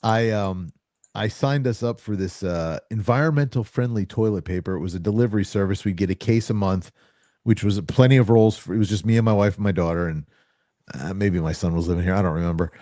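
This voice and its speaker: A man's voice: lowish voice, fairly quick, no echo, studio quality. A middle-aged man hosting a podcast, telling stories in casual chat and acting out the quoted lines. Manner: animated, acts out quoted dialogue. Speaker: podcast host.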